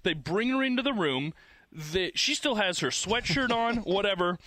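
A man telling a dramatic personal story in casual conversation, acting out the quotes in an animated way. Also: sits high, normal speed. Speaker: guest telling a birth story.

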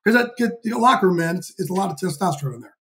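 Man, 50s, energetic, profane, podcast guest, studio mic. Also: high voice, rapid-fire. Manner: energetic, profane, animated storyteller. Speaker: podcast guest, sports insider. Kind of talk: casual storytelling interview.

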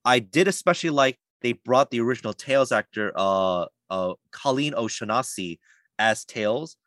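A man who works as a voice actor, talking in a casual podcast interview, animated and chatty with lots of fillers. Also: medium pitch, normal speed, no room sound. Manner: animated, lively storytelling with many fillers. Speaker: voice actor guest.

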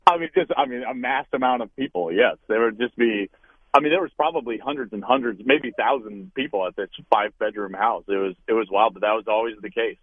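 A man in his thirties, a former college quarterback, telling a story as an interview guest, with lively acted-out quotes. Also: mid-range voice, brisk, no room sound. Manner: animated storyteller, acts out quoted voices loudly. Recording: tinny phone-like line, dry.

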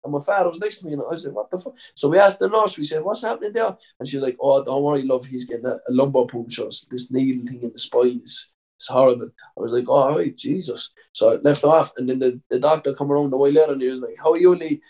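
Chatty Irish man telling rough stories. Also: mid-range voice, steady tone, fast talker, darkish tone, low-quality recording. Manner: rambling, swears freely, many fillers. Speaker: professional fighter guest. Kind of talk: casual storytelling interview.

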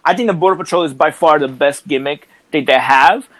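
A man's voice: a little high, brisk, a bit bright, poor audio. A man, a wrestler, chatting casually on a podcast, rambling with lots of restarts and swearing. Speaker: wrestler guest.

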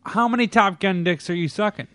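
A man co-hosting a talk show, bantering in a crude, teasing way with quick reactions. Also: sits high, sharp tone, no echo. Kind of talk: casual banter.

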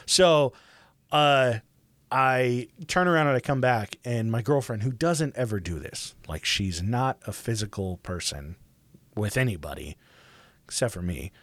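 A young man telling a story in casual chat, profane and animated, full of fillers. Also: medium pitch, a little slow, no room sound.

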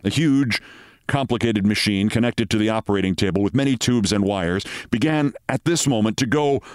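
A man hosting a show, reading a short story aloud in measured, dramatic narration. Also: on the low side, a little mellow, clean tone, no room sound, studio quality.

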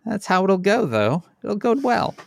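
A man hosts a podcast in a casual, joking chat. His voice is gravelly, with lively swings in pitch, and it sounds close and dry. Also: a little slow, dry recording. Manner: joking and animated. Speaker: podcast host.

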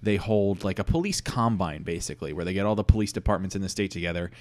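A man co-hosting a comedy podcast, improvising a story with a rambling, halting delivery full of restarts. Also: deep voice, expressive. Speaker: podcast co-host.

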